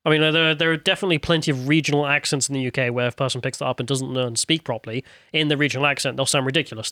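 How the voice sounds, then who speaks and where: Fast, bright-voiced man. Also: mid-range voice, steady tone, no room sound, studio quality. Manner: blunt, scoffing. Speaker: podcast co-host. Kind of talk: casual political chat.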